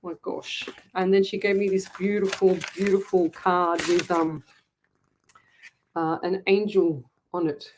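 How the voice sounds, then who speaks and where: A woman's voice: lowish voice, flat delivery, unhurried, noisy background. Gushing woman chatting on a home livestream. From Australia. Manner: gushing, chatty, many restarts. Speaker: psychic medium, livestream host. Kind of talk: casual livestream chat. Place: home office. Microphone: webcam.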